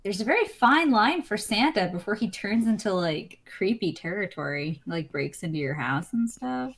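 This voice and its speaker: A woman's voice: mid-range voice, lively intonation, moderate pace, husky. A woman guest artist chatting casually and laughing while she draws. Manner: laid-back, giggly. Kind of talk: casual chat while drawing.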